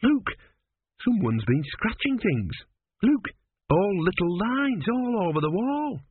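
A man voicing an eager young male apprentice embalmer in a high, keen voice, on a tinny, phone-like recording. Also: big pitch swings, slow pace, husky, dry recording, full character voice.

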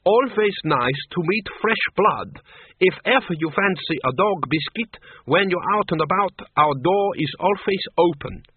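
A man's voice: sits high, expressive, a little slow, husky, dry recording, pitched above the performer's own voice, full character voice. A man voicing a middle-aged woman playing at being a vampire countess, gracious and fussy, with put-on airs. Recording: thin phone-like band, dry.

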